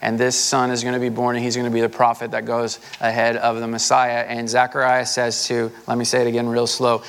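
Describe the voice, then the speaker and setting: Man preaching a relaxed folksy sermon. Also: medium pitch, a little fast, hardly any pauses, smooth. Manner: conversational, folksy preaching with filler words. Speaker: pastor.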